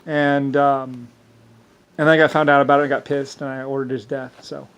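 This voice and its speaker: A man in a rambling personal monologue who talks haltingly, repeats words, fills pauses and chuckles often. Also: medium pitch, flat delivery, a bit bright, clean tone.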